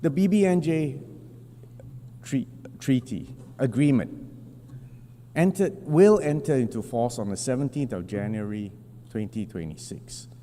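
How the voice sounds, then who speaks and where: A man giving a formal prepared speech to a large assembly, in measured, deliberate phrasing with emphatic stresses, at a podium microphone. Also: medium pitch, lively intonation, dark tone. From Singapore. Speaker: national representative addressing the General Assembly. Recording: long hall reverb with faint hum.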